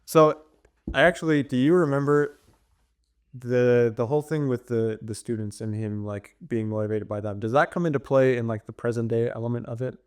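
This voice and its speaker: A man's voice: medium pitch, normal speed, smooth, no echo, clean studio sound. A man co-hosting a casual podcast about a novel, talking in a chatty, meandering way with many fillers and restarts. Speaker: podcast co-host. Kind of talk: casual book discussion.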